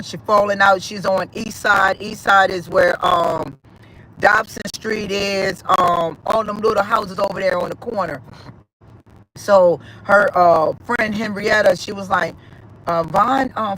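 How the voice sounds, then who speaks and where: A middle-aged woman speaks in a bright, forceful voice, piling up repeated phrases as she tells her own story. Her delivery is emphatic and emotional, like spoken testimony. Faint background noise runs under her voice. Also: mid-range voice, rough recording. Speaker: spiritual speaker. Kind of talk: personal testimony.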